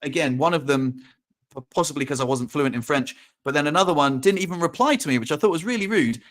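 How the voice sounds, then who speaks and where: A man co-hosting a podcast, telling stories in casual video-call chat, halting and full of restarts. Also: fairly high pitch, a bit bright. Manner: halting, many restarts and fillers. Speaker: podcast co-host.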